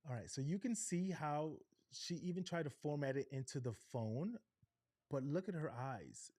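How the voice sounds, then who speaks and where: A middle-aged man coaching a live online workshop, animated, deliberately shifting his pace and pitch and often checking in with "right?". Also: no echo, clean studio sound. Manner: animated, varies pitch and pace on purpose, frequent "right?" tags. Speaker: on-camera presentation coach.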